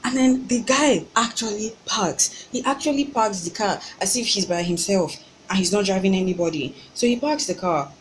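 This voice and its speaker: A woman's voice: mid-range voice, normal speed, a little hiss or hum, poor audio. Exasperated young Nigerian woman ranting. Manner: animated, exasperated storytelling. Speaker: vlogger. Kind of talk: ranting storytime vlog.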